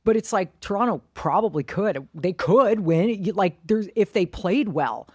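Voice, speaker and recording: A woman's voice: medium pitch, animated, normal speed, darkish tone, husky, no echo. A woman co-hosting a casual sports podcast, giving blunt, opinionated takes and swearing freely. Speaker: podcast co-host.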